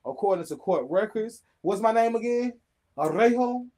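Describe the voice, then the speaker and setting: A high-pitched man reads the news aloud in a loose, joking way. He trips over unfamiliar names and breaks into laughter as he riffs on each story for his co-host. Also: lively intonation, moderate pace, darkish tone. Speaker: show host. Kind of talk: casual news reading with commentary.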